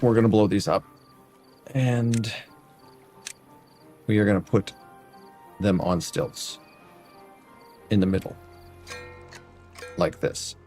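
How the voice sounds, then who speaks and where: A man's voice: lowish voice, slow pace, pauses often, a little mellow, faint music behind. A man streaming a building game, chatting casually and talking to viewers by name as he plays. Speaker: variety streamer. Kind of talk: casual gameplay commentary.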